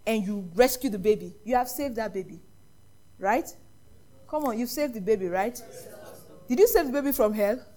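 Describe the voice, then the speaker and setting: In a high voice, a Nigerian woman preaches a sermon at a normal speed, leaving long pauses. She tells lively stories and keeps quizzing the congregation with questions.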